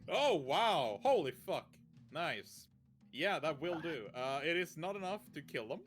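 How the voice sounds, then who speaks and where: A man narrating as game master for a tabletop game played over voice chat, casual and quick to swear. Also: fairly high pitch, sing-song, fairly bright tone, soft background music.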